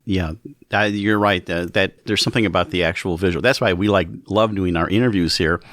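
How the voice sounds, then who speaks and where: A man's voice: low-pitched, fairly quick, a bit bright, dry recording, studio quality. A man hosting an interview over a video call, talking in an easygoing, conversational way. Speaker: radio show host.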